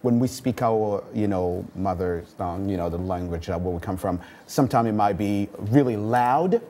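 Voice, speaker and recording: A man with a strong Congolese French accent co-hosts a talk show. His voice is mellow and warm. He talks playfully and haltingly, with many fillers. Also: lowish voice. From Democratic Republic of the Congo. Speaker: co-host. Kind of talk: bilingual talk show chat.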